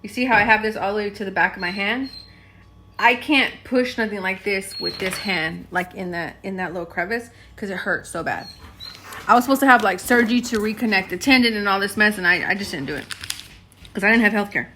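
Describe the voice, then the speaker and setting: Young woman vlogging at home, bright voice, rambly and giggly, bit of background noise. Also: mid-range voice, a little fast. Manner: chatty, laughs often, talks to her dogs mid-sentence. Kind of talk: casual rambling vlog chat. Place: home, indoors.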